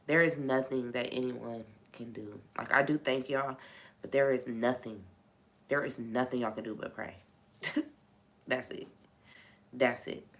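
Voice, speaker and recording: A woman's voice: extremely low pitch, gravelly, fairly bright tone. A woman hosting a faith talk on a live stream, venting frankly and swearing freely.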